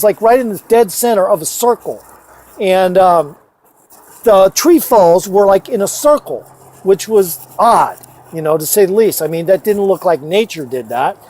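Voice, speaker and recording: A man's voice: high voice, darkish tone. A man in his fifties from Missouri telling a personal story in a rambling, casual way, swearing often and full of asides and fillers.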